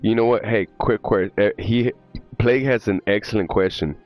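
A man's voice: lowish voice, normal speed, lo-fi sound, faint music behind. A man livestreaming a horror game, chatting loosely with viewers, swearing and sounding jittery. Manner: loose, profane, jittery, talks to chat. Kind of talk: casual live gameplay chat.

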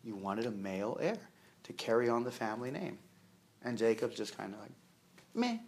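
A man's voice: on the low side, a little fast, vocal fry. A man preaching a sermon in a conversational way, with humor, many fillers and repeated words. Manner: conversational, with humor and acted-out quotes.

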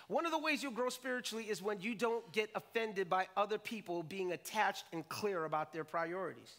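A high-pitched male pastor preaching in church, bright and forceful in tone. He jokes, acts out quotes and keeps the sermon animated. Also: moderate pace. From Jamaican family roots. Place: church stage.

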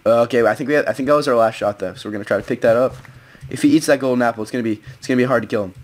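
Excitable young man narrating his gameplay. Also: medium pitch, rapid-fire. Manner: excitable, rambling, self-narrating play-by-play. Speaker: gaming YouTuber. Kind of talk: live game commentary.

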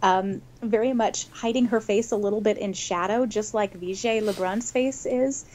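A woman's voice: medium pitch, normal speed, darkish tone, slight background noise. Woman guest with a mid-range voice, talking through a topic at length. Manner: explanatory, laughs easily. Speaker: podcast guest. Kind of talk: casual podcast chat.

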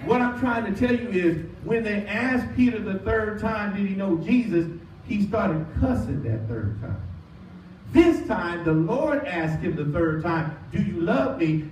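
A pastor preaching a sermon, with emphatic calls to the congregation and call-and-response. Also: male voice, high-pitched, expressive, a little slow, darkish tone, a little hiss or hum. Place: church sanctuary. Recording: echoey church from a distance.

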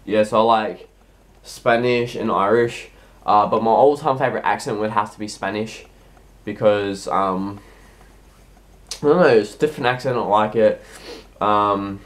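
Rambling sick teenage boy. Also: lowish voice. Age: teens. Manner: rambling, hesitant, heavy with ums and restarts. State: sick, coughing. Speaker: YouTuber answering viewer questions. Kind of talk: casual Q&A vlog.

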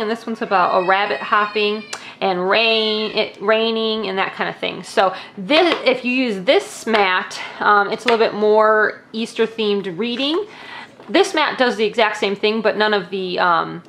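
A woman's voice: medium pitch, unhurried, a bit bright, slight background noise. A young woman casually demonstrating classroom activities, explaining each step with friendly "um"s.

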